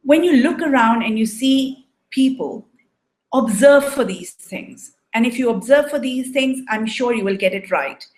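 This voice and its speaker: A woman coaching on relationships, giving a measured explanatory talk and often checking in with "right?". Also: fairly high pitch. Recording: echoey room.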